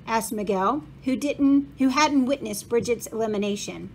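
A woman, a school principal, reading a children's novel aloud in a lively storytelling manner. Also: a little high, moderate pace.

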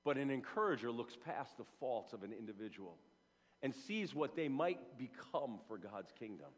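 A middle-aged male pastor preaching a sermon, telling a story with lively, repetitive storytelling. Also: mid-range voice, normal speed, breathy edge. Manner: animated storytelling, repeats words when building up. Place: church sanctuary. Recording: long reverb in a church hall.

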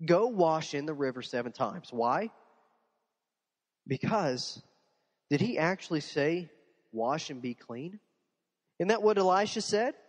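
A man preaching a sermon as a pastor, animated, with rhetorical questions and repeated phrases. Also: fairly high pitch, unhurried, pauses often, big-room sound. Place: church sanctuary.

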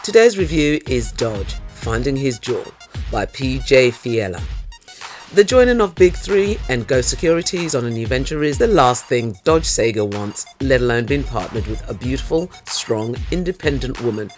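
A man hosting an audiobook review show, delivering a scripted monologue at a middle pitch. He is playful and cheeky and gets loud and emphatic when he rants. Faint music plays under his voice. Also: sing-song, normal speed.

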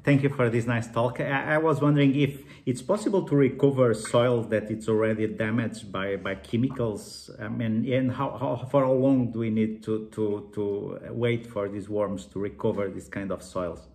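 A man on a judging panel asks his question in a halting way. He repeats himself often and restarts his sentences. His voice sits at a middle pitch. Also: fairly even intonation, darkish tone. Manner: hesitant, halting. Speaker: judge asking a question.

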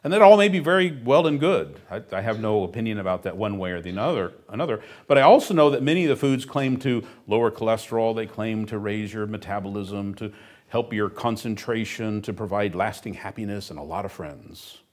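A man's voice: fairly low pitch, brisk, a little mellow. A middle-aged man preaching a sermon as pastor, emphatic and earnest, with dry humorous asides.

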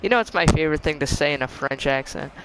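A man's voice: fairly high pitch, fast, noisy background. A man hosting a casual gaming session, joking with his friends and calling out plays over a headset. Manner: joking, teasing callouts to teammates. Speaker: channel host and gamer.

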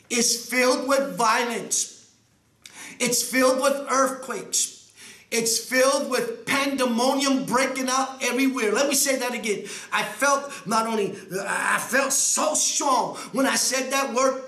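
Man preaching hard, high bright voice, yells a lot, echoey room. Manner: impassioned, often shouting, repeats phrases. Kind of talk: prophetic sermon.

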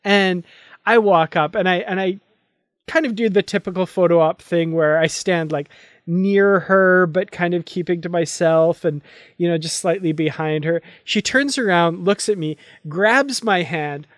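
Admiring man, slightly high voice. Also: measured pace, no room sound. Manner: warm admiring recollection with restarts. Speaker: podcast co-host. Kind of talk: casual chat.

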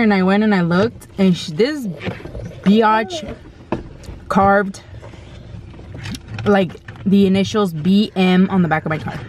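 A woman's voice: medium pitch, a little slow, pauses often, a little mellow, a little hiss or hum. A woman vlogger telling a story in a casual, blunt way, with slang and mild swearing, while she eats. She acts out quoted lines in a raised, exclaiming voice.

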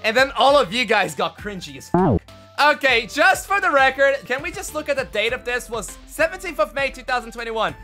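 A man's voice: extremely high pitch, sing-song, brisk, pushed and bright, soft background music. A young Australian man streaming, reacting to fan memes in casual chat, laughing often and swearing freely.

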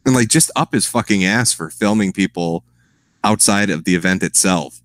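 A man's voice: low-pitched, normal speed, no echo. A man chatting casually as a stream guest, rambling, swearing often and laughing at his own jokes. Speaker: guest on a live stream show. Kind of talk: casual profane chat.

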